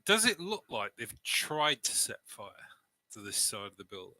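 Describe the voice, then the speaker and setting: A man's voice: medium pitch, very animated, moderate pace, pushed and bright, no echo. A man playing a tabletop game, talking hesitantly and trailing off mid-sentence. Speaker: player. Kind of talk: casual tabletop play.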